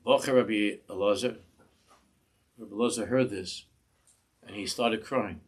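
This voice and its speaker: A husky, fairly low-voiced man teaches a Torah class in a synagogue. He speaks passion, circles back over his words and stretches out the phrases he quotes. His voice sits on the low side and carries a grainy, breathy edge. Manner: impassioned, repeats and restarts words, slows on quoted phrases. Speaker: rabbi giving a Torah class.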